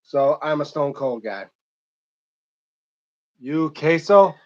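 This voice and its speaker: A man's voice: fairly high pitch, lively intonation, takes it slowly, dull audio. A young man from Michigan hosting an unscripted live stream, reading chat comments aloud and answering them in a rambling, casual way.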